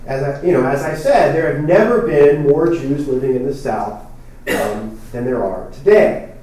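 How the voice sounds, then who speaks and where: A man's voice: medium pitch, expressive, normal speed, warm tone. A man giving an academic lecture from prepared text, with fillers and wry asides, recorded in a hall. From New Jersey. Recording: very echoey hall, speaker far from mic.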